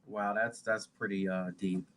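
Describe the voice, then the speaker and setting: A man from New Jersey hosting a live podcast, relaxed and conversational. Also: fairly low pitch, measured pace. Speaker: podcast host.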